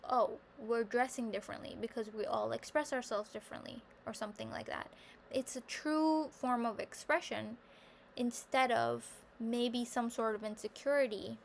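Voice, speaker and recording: A woman talking to camera in a casual vlog monologue, rambling and self-reflective, peppering her speech with "like" and turning animated when she quotes her own thoughts. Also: a little high, slight background noise. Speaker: vlogger.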